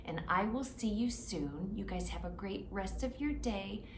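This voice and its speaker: A woman, a children's librarian, reading a picture book aloud in an animated, playful, expressive way. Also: medium pitch, unhurried. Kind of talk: storybook read-aloud for children. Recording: roomy echo, faint hiss.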